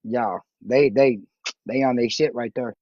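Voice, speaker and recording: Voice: mid-range voice, steady tone, a little slow, no echo, lo-fi sound. A slangy, laid-back speaker in a casual group chat.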